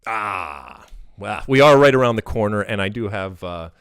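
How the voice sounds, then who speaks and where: A middle-aged man hosting a casual podcast, talking in an animated, emphatic way that swings into loud exasperated rants. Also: lowish voice, moderate pace, smooth, no echo. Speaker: podcast host.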